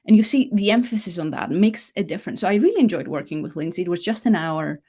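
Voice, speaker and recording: A middle-aged woman hosting a live online masterclass, talking casually and correcting herself as she goes, with lively emphasis. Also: fairly low pitch, fast, few pauses, slightly rough.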